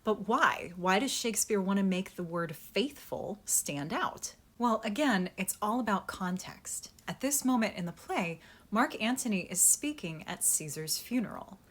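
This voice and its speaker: Lively, animated woman acting coach. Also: mid-range voice, moderate pace, hardly any pauses. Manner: lively, emphatic, sounds out stress patterns. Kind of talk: explaining Shakespeare verse to camera.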